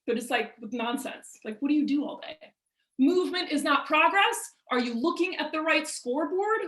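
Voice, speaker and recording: A woman's voice: high voice, expressive, moderate pace, a bit bright. A woman leading a motivational workshop over a video call, speaking in an emphatic, punchy way and asking rhetorical questions. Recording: roomy echo.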